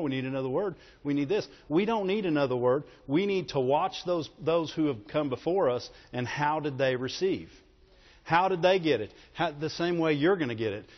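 A man preaching a sermon emphatically, repeatedly calling out to his congregation for agreement. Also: on the high side. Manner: emphatic, calls for audience response. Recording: echoey hall, dull lo-fi sound.

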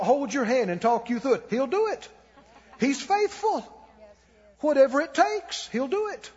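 A man's voice: very high-pitched, a little mellow, husky, long reverb tail, dull audio. A male pastor preaching a sermon in a church, emphatic and urging the congregation to repeat his words aloud. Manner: emphatic, calls the congregation to repeat after him. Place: church sanctuary.

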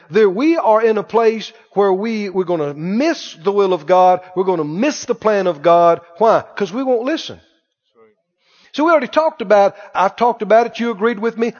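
A male pastor preaching a sermon emphatically, with call-and-response questions to the congregation. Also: sits high. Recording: dull echoey church recording.

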